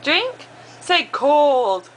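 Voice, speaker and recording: Sing-song, high-voiced young mother. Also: big pitch swings, background noise. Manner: slow, sing-song, coaxing baby talk. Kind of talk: home video, coaxing toddlers to talk. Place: home.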